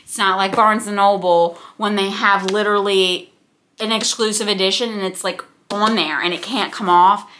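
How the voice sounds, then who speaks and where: Bright-voiced gushing woman book vlogger. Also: mid-range voice, fairly even intonation, normal speed, slight background noise. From United States. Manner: gushing, chatty, rambling asides. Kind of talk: casual chat.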